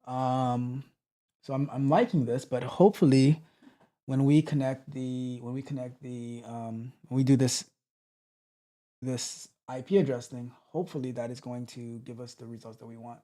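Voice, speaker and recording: A man coaching on tech during a live coding walkthrough, thinking aloud with halting restarts and trailing off. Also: mid-range voice, fairly even intonation, mellow.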